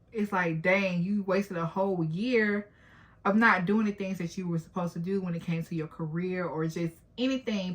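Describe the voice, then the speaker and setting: Vlogger, woman, late 20s, lower voice, open and heartfelt, speaks directly to camera. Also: fairly bright tone. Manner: candid, emotional, talks straight to viewers. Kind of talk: personal vlog talk.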